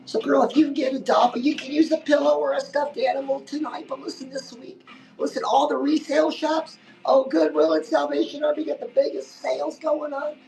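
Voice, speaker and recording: A woman's voice: sits high, fairly even intonation, a little fast, vocal fry, a little mellow, far from the mic, faint music behind, low-quality recording. A woman giving a chatty live-stream pep talk as a life coach, keeps calling the listener "girl" and saying "listen".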